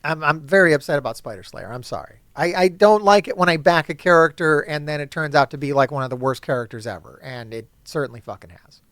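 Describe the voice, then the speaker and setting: A man giving casual gameplay commentary to his chat, swearing often and ranting excitedly about characters. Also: a little high, fast, no echo. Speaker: gaming YouTuber.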